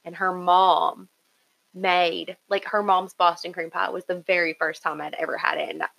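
Bright, excitable woman podcast co-host. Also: fairly low pitch, moderate pace, gravelly, rough recording. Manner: excitable, chatty, giggly. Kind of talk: casual podcast chat.

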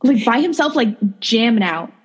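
A young woman co-hosting a podcast, telling dating stories in a casual, animated way, acting out quotes and saying "like" a lot. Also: a little high, normal speed, husky. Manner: animated, acts out quotes, lots of "like". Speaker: podcast co-host. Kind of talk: casual storytelling chat.

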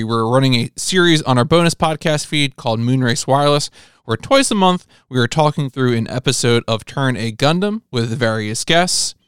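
A man runs through the show's announcements in a smooth, crisp voice. He reads briskly from his notes into a dry podcast mic. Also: medium pitch, no room sound. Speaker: podcast host. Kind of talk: reading show announcements.

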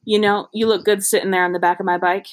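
A woman's voice: mid-range voice, little pitch movement, fast talker, lightly acted. Cocky flirty biker guy read out by a woman, just her normal reading voice. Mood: smug. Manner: read plainly from a book.

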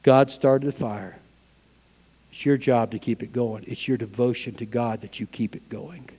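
A man preaching a sermon to his church, swinging between loud, fervent passages and hushed asides. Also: mid-range voice, fairly even intonation, moderate pace, breathy edge, in a large hall. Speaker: pastor. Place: church sanctuary.

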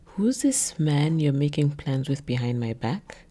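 A woman voicing a controlling, jealous man who speaks flat and cold, then bursts into shouts. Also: lowish voice, normal speed, lightly acted.

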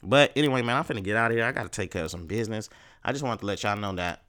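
A young man hosting a solo podcast, ranting in profane, animated street slang. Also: on the low side, rapid-fire, clean tone. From Texas, USA. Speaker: podcast host.

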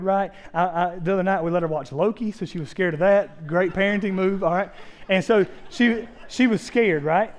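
A male pastor, around his thirties, preaching a fervent sermon with emphatic repeated phrases and direct questions to the congregation. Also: high voice.

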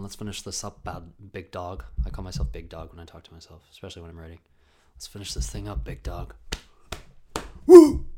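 A man's voice: low-pitched, a bit bright. A young man hosting his own podcast from home, rambling casually and swearing a lot, self-mocking as he tells stories to the camera. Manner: rambling, profane and self-mocking, with quick mood swings. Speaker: podcast host. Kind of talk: casual solo podcast monologue. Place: home room with a ring light. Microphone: camera mic.

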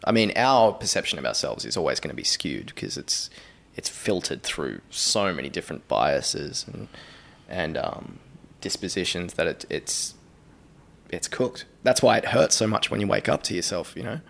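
A man talks in a relaxed, expletive-heavy chat, often breaking into laughter. His voice sits low with a gravelly fry. His pitch swings widely as he gets animated. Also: moderate pace. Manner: swearing, laughing a lot, animated. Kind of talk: casual chat.

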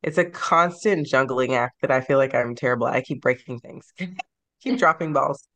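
A woman's voice: a bass voice, moderate pace, a bit bright. A woman author being interviewed on a podcast, speaking in a reflective, sentimental way and laughing easily. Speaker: guest author.

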